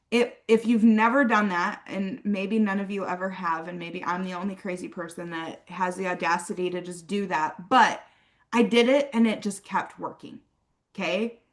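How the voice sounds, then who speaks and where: Chatty woman coaching her sales team. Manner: acts out sample dialogues in a higher, livelier voice; chatty, peppers talk with "okay?" and "like". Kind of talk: casual coaching talk on a team call.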